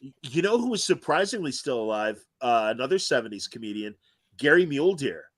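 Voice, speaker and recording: A man's voice: medium pitch, sing-song, a little fast, no echo. A middle-aged man co-hosting a podcast, chatting casually and rambling through his stories with lots of restarts. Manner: rambling with frequent fillers and restarts. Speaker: podcast co-host. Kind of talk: casual chat.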